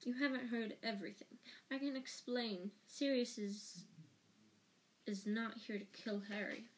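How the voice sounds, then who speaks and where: A woman voicing a calm, earnest male teacher in an audiobook reading, speaking softly and urgently. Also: on the high side, unhurried, a little hiss or hum, lightly acted, low-quality recording. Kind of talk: audiobook character voice.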